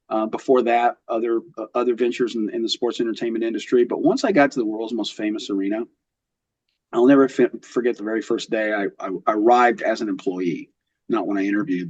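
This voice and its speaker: A man in his fifties with a light West Texas accent, a podcast guest talking casually and thoughtfully, with frequent pauses and restarts. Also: on the low side, dry recording. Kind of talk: casual interview. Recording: dull lo-fi audio.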